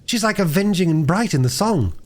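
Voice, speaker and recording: A man's voice: sits high, expressive, fairly quick, voice pushed up. A man reading aloud voices a wide-eyed, fanciful little girl. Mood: dreamy. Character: dreamy little girl, the younger sister.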